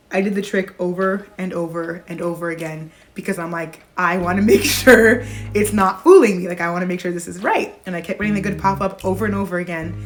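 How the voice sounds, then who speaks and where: Speaking in a voice on the low side, a young woman in her twenties who works as a pediatric nurse shares a personal story to camera. Her telling is casual and animated, broken up by bursts of laughter.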